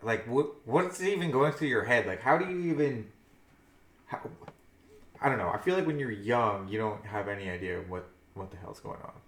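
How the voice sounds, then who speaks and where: A man's voice: on the low side, lively intonation, moderate pace, fairly bright tone. A man co-hosting a casual talk show, telling stories in a rambling way and laughing often. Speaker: co-host. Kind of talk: casual podcast chat. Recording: echoey room.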